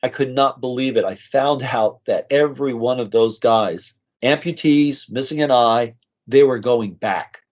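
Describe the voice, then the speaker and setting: A man's voice: mid-range voice, a little slow, darkish tone, muffled recording. A man, a nurse practitioner being interviewed, telling heartfelt stories in a conversational way and acting out the people he quotes. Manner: earnest, moved, acts out quoted voices. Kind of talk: conversational storytelling.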